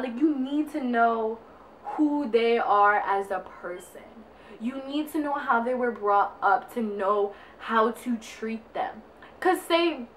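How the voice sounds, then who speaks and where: A young woman with a high, bright-pitched voice talks through a get-ready-with-me chat at home. She is earnest and rambling, and leans on "like" constantly as she sorts out her thoughts. There is a faint hum of ambience behind her. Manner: earnest, rambling, heavy use of "like". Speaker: beauty vlogger.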